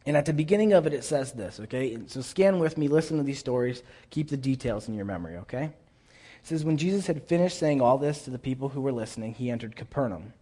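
A man's voice: medium pitch, animated, fast, warm tone, breathy edge. A man preaching a sermon in an earnest, conversational way, often repeating himself as he reads scripture aloud.

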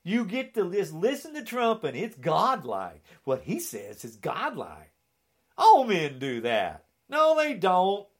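A man's voice: high-pitched, wildly swooping pitch, slow. A man delivering an angry political rant, sarcastic and indignant, often mocking.

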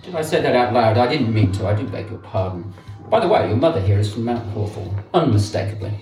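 A man's voice: mid-range voice, expressive, fast talker, darkish tone, natural voice. Give me a man playing a clipped, condescending expert in a roomy hall. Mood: superior. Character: sharp, superior male phonetics expert who places accents. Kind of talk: stage play acting. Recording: echoey stage from a distance, music.

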